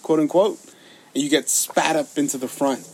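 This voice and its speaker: A man in his thirties telling a long, animated story in a casual chat, cursing often. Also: fairly high pitch, normal speed, slightly rough.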